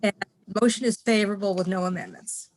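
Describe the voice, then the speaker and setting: A woman's voice: medium pitch, steady tone, fast, a little mellow, low-quality recording. Woman reading a bill report. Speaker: committee member presenting a bill.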